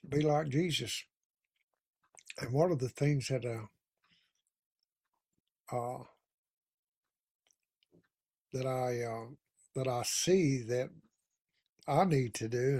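A man's voice: medium pitch, darkish tone, breathy edge, no echo, studio quality. A man leading a group Bible discussion, talking earnestly and plainly about his own prayer life. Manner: earnest, conversational, sharing personal prayer habits. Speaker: Bible study leader.

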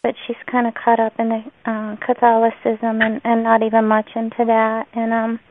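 A woman's voice: a little high, completely flat delivery, normal speed, a little hiss or hum. A woman caller with a northern US accent making a prayer request, hesitant and full of "um"s. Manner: hesitant, many "um"s. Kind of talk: casual prayer request on a call. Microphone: phone on a conference call. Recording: tinny phone line.

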